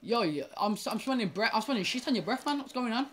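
A woman's voice: fairly high pitch, animated, fast, slight background noise. Rambling young woman gamer. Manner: rambling, stumbling restarts, swears at the game. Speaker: gaming YouTuber. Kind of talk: casual gaming commentary.

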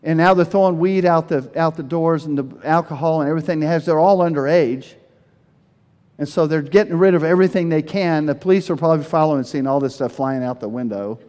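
A man preaching a sermon as pastor, telling Bible stories in an animated way and acting out the speakers he quotes. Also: fairly high pitch, fairly quick. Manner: animated storytelling, voices quoted speakers with bursts of energy. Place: church sanctuary. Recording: long hall reverb.

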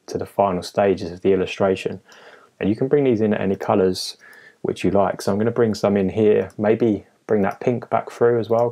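A man walking through a digital illustration step by step in a relaxed, methodical tutorial voice-over, with frequent pauses and filler sounds. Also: on the low side, gravelly. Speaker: illustrator teaching a design tutorial. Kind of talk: screen-recorded software tutorial narration.

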